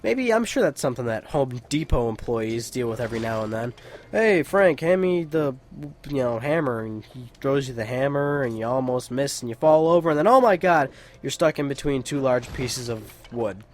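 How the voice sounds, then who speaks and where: A young man talks over his gameplay in a loose, rambling let's play commentary. He is chatty, drifts off on tangents and swears freely. His voice sits at an ordinary middle pitch. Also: lively intonation, fairly quick, slight background noise. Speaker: gaming YouTuber.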